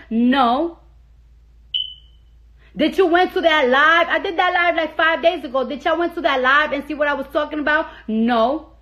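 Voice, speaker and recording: A young woman with a high voice rants angrily on a phone live stream, cursing nonstop and hammering her points again and again. The sound is dull and lo-fi, like a phone stream. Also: fairly bright tone. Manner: heated, repeats herself for emphasis, swears constantly. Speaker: celebrity on a social media live stream. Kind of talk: angry profane rant.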